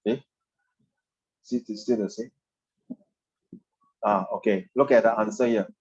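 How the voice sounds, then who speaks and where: A man teaching a history class, animated and teasing, slipping Mandarin phrases into his English. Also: lowish voice, unhurried, highs cut off. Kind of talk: classroom lecture.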